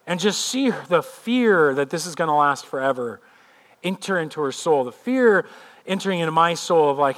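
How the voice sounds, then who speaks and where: A man with a high-pitched voice preaches to his congregation. He tells a scene with lively storytelling energy, then turns earnest and personal as he speaks from his own life. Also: brisk. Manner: animated storytelling, vividly retelling a scene. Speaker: pastor. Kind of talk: sermon.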